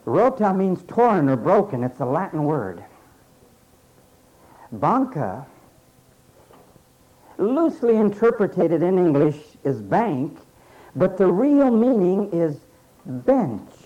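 Animated high-voiced male preacher. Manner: emphatic preaching with repeated phrases and drawn-out pauses. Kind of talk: sermon. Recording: dull lo-fi sermon recording.

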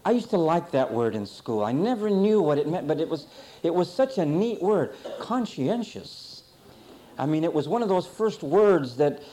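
A middle-aged man preaching a sermon, defining words and then telling a folksy story from his childhood. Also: mid-range voice. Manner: lively, swings between loud and quiet.

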